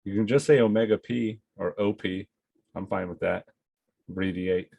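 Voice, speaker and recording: A man narrating as game master of a tabletop game, halting with many fillers and frequent laughter. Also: deep voice, fairly even intonation, gravelly, darkish tone, lo-fi sound.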